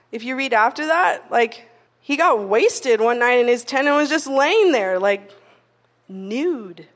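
A young adult woman giving a casual, conversational sermon, telling stories in a chatty way with many "like" fillers. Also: high-pitched. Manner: chatty storytelling, frequent "like" fillers. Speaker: preacher. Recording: long reverb of a hall.

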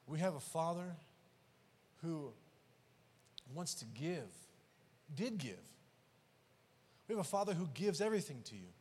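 A man preaching a sermon who swings between loud and hushed passages and acts out the dialogue of the story. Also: fairly high pitch. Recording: long hall reverb.

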